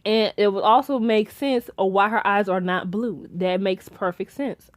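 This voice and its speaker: Young female reviewer, excitable and rambling, dry room. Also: mid-range voice, normal speed, no room sound. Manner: rambling, excitable, many restarts and fillers. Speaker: TV episode reviewer. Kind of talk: casual episode recap and theorizing.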